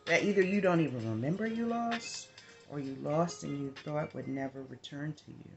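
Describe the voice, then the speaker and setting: Deep-voiced woman rambling thru a spiritual message, guitar playing loud in the back. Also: animated, normal speed, highs cut off. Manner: chatty and meandering, full of asides. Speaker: spiritual healer and advisor. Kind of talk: casual spiritual message vlog. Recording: guitar music playing clearly behind. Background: guitar music.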